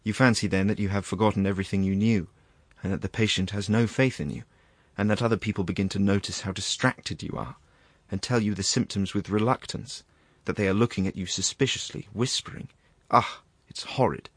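A man's voice: fairly low pitch, fairly even intonation, brisk, breathy edge, no room sound. A man reading the part of a rambling, embarrassed country doctor, hesitant and full of asides. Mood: rueful. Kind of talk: audiobook reading.

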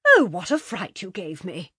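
A woman reading a story aloud, voicing a genteel middle-aged mother whose drawn-out, indulgent talk turns coldly firm. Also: lowish voice, wildly swooping pitch, sharp tone, husky, no echo, studio quality, heavily acted.

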